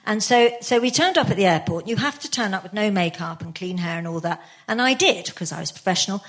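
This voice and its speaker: A woman's voice: medium pitch, animated, brisk. Older woman, podcast guest, chatty, self-mocking, laughs a lot. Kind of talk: casual chat.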